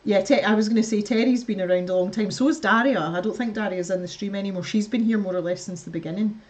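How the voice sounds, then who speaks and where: A woman's voice: mid-range voice, quick pace, darkish tone. Chatty woman hosting a live stream. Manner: chatty, talks to viewers, laughs often, mutters to herself. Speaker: livestream host. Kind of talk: casual live-stream chat while building.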